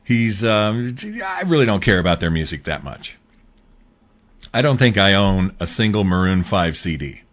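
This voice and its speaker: A man's voice: low voice, sing-song, normal speed, fairly bright tone. A man hosting his own show, talking through a political commentary monologue in a casual, rambling way with fillers. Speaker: host.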